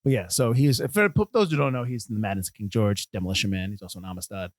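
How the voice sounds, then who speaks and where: A man co-hosting a film podcast, talking in a quick, animated, rambling way with frequent restarts. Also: on the low side, no room sound, clean studio sound. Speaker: podcast co-host. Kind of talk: casual chat.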